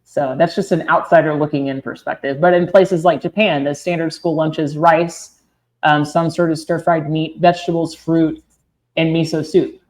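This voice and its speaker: A woman with a low, deep voice co-hosts a relaxed podcast conversation. She talks freely, laughs easily and fills her pauses with "um" and "you know" as she works through her thoughts. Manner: chatty, laughs easily, thinks aloud with fillers. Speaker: podcast co-host. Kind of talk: casual chat.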